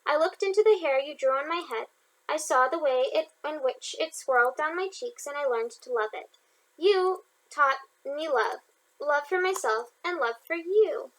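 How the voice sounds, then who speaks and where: A woman's voice: sits high, lively intonation, normal speed, fairly bright tone, poor audio. A woman, the author, reading her own novel aloud as an informal audiobook, with some restarts along the way. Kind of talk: self-read audiobook narration.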